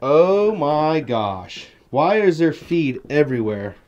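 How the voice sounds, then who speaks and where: A man's voice: a little high, big pitch swings, slow, a little mellow, dull audio. A man who runs a small family farm, talking in a chatty, down-to-home way as he walks through a casual farm vlog. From Nebraska. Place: farmyard outdoors, then inside a torn-up house.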